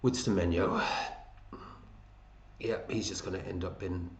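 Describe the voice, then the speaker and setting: Man, deep voice, casual matey commentary, echoey room. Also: fairly even intonation, a little slow, slight background noise. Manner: chatty, matey, thinks aloud, hums to himself. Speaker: fantasy football league host. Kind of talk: casual commentary over a screen.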